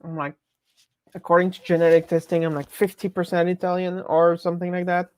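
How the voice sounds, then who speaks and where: A woman's voice: fairly low pitch, level tone, brisk, darkish tone, no echo. Chatty woman with a French accent. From France. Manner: rambling, chatty, self-interrupting. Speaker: live streamer. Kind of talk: casual live-stream chat.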